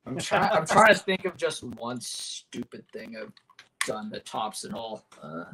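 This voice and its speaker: A man's voice: mid-range voice, big pitch swings, measured pace, gravelly, bright, forceful tone, a little hiss or hum, low-quality recording. A man hosting a casual movie watch-along, telling stories with lots of laughter. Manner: chatty storyteller, laughs often. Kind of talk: casual chat.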